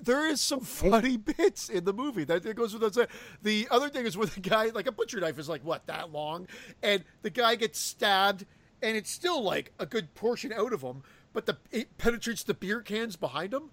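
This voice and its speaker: A man's voice: high voice, moderate pace. A man co-hosting a casual movie chat, reminiscing with lots of fillers. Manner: relaxed, reminiscing, trailing fillers. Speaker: podcast co-host.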